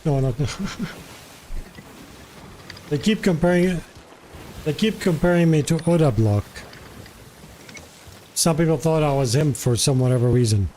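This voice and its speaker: Friendly mellow man. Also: mid-range voice, slight background noise. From Jordan. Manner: friendly, greets viewers by name. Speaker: game streamer. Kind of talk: casual live-stream chat.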